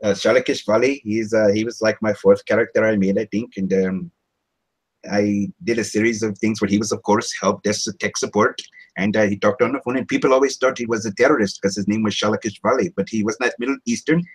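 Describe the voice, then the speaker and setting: A man's voice: fairly low pitch, fairly quick, husky, low-quality recording. A man who works as a voice-over artist and actor, talking casually in an interview about his characters. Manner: animated, slips into character voices.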